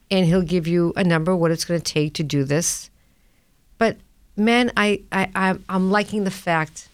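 A woman's voice: lowish voice, no room sound. Woman, Boston accent, talk-show host, chatty, brash, dry close mic. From Boston area. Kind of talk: casual talk-show chat. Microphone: studio mic.

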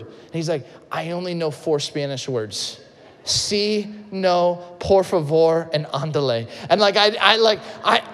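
A man preaching a sermon, telling stories with lively acted-out quotes and shifts between loud and soft. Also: high voice, big-room sound. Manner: animated storytelling, acts out quotes, swings loud and soft. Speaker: pastor. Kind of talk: sermon with storytelling.

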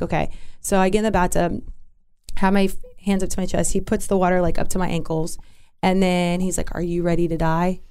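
A woman telling a personal story in an interview, candid and halting, with restarts and asides. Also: lowish voice, dark tone, smooth. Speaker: interview guest.

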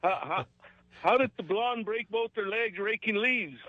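A man's voice: high voice, a little slow, no echo, muffled recording. A male caller telling jokes on a radio call-in show, upbeat and chuckling.

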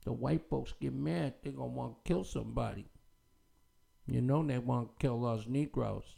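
A man's voice: mid-range voice, moderate pace, vocal fry, warm tone, slightly rough, pitched below the performer's own voice. A man putting on a timid, whimpering scaredy-cat man. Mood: mocking whine. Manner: mocking, whiny. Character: timid frightened man whining about his fears.

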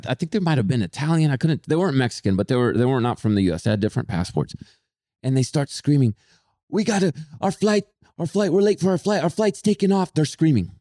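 A young man on a podcast tells a story with lots of energy, swearing freely and raising his voice to play people who shout. His voice is middle in pitch. It sounds close to the mic in a dry room with no echo. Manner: animated, swearing, acts out shouting people in a raised voice. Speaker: podcast co-host. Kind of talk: casual storytelling chat.

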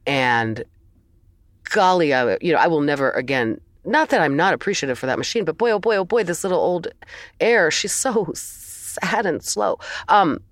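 A woman's voice: low-pitched, expressive, fairly quick, no echo, clean studio sound. A woman co-hosting a casual chat, telling a long exasperated story with sighs and the odd swear.

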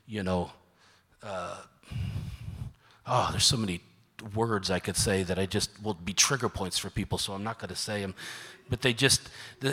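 Bright-voiced preaching pastor, echoing sanctuary. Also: male voice, mid-range voice. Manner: emphatic, swings from quiet to shouting. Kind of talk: sermon. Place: church sanctuary. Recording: reverberant sanctuary.

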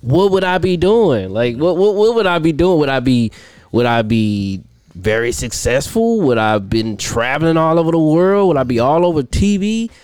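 Animated slangy man in his thirties. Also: a little high, moderate pace, smooth, no room sound, studio quality, faint music behind. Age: 30s. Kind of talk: casual conversation.

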